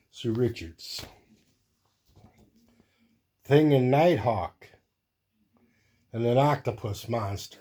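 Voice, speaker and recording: Unhurried and relaxed, a man hosting his own channel talks through a pile of comics in a warm, mellow, medium-pitched voice. He rambles easily from aside to aside, thinking aloud as he flips through them in a casual show-and-tell.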